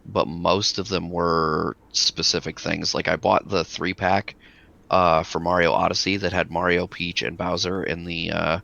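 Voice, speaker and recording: A man's voice: low voice, level tone, a little slow, creaky, pushed and bright. A man co-hosting a podcast, chatting in a laid-back, matter-of-fact way. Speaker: podcast co-host. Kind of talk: casual podcast chat. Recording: dull lo-fi mic.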